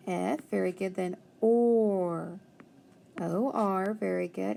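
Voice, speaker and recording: A woman teaching a phonics lesson to young children, slowly sounding out letters and praising each answer. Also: medium pitch, vocal fry, darkish tone, slight background noise. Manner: slow, encouraging, sounds out letters.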